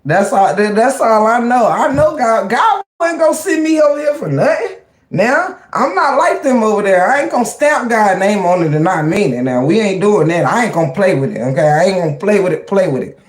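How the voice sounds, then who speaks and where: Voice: medium pitch, big pitch swings, fairly quick, reverberant. A livestream host chatting casually with viewers, laughing often, turning preachy and motivational, and greeting chat members by name. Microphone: webcam or phone mic.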